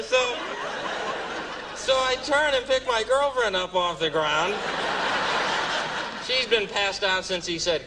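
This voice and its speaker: A man telling a comic story on stage as a stand-up comedian, jumping into high squeaky voices for quoted exclamations. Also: sing-song, a little slow. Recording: distant mic, noisy room ambience.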